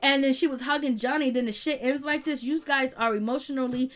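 A woman's voice: sits high, fairly even intonation, a little fast. A woman giving a casual recap of a reality show episode, blunt and slangy, swearing freely.

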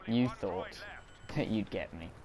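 A man's voice: lowish voice, measured pace. A man giving casual, self-mocking commentary while playing a video game, reacting on the fly. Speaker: gaming commentator.

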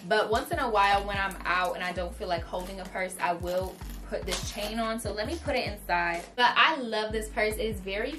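A young woman races through an excited try-on haul in a medium-pitched voice, brisk and with hardly any pauses, gushing straight at her viewers. She's a little distant from the mic, and music plays beneath.

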